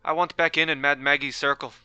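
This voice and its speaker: A man's voice: fairly high pitch, little pitch movement, fast, bright, forceful tone, smooth, dry recording, lo-fi sound. A man voicing a shifty, joking male gang leader in a put-on British or Irish accent. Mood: sly. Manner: joking, wheedling.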